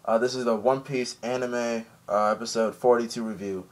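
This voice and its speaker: Casual male fan reviewer, mid-pitched, chatty and loose, lots of fillers. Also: fairly even intonation. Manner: rambling, chatty, frequent "um" and "like"; slips into quick high voices when quoting characters. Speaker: anime episode reviewer.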